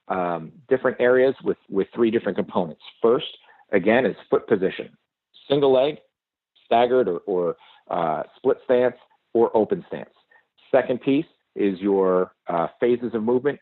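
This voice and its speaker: Low-voiced man explaining training methodically. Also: no room sound, narrow, tinny audio. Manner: methodical, lists points step by step. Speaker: segment host, movement coach. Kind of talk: instructional podcast segment.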